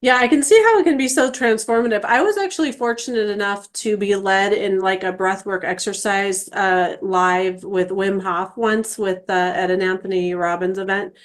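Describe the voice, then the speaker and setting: A woman in her forties hosts a casual interview, sharing her own experience in a warm, chatty way. She speaks at a middle pitch and pauses often on "um" and "uh". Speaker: interview host.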